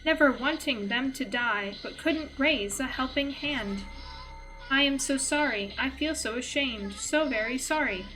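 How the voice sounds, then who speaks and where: A woman's voice: sits high, sharp tone, soft background music, poor audio. Woman chanting as a creepy singsong haunted doll. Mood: eerie, sing-song. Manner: slow sing-song chant. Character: haunted antique doll, childlike, cold, remorseful.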